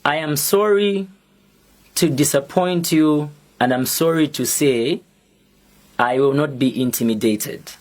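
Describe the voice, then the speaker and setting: A young Zambian man with a Zambian accent, making a measured, defiant public statement as a musician and activist. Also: a little high.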